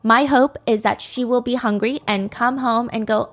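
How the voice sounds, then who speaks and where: A woman's voice: fairly high pitch, fairly even intonation, normal speed, hardly any pauses. A woman hosting a podcast, telling a true crime story in a candid, conversational way. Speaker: podcast host.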